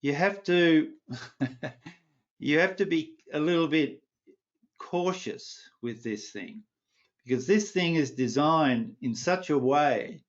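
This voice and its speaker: A man teaching an online mindfulness class, telling a parable in a relaxed way, chuckling and checking in with his listeners over a video call. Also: medium pitch. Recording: muffled online class audio.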